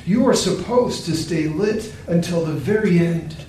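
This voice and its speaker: A man's voice: sits high, measured pace, dark tone, slight background noise, voice pushed up. A man voicing a tired elderly widow, pleading and tearful. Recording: very echoey room, distant mic.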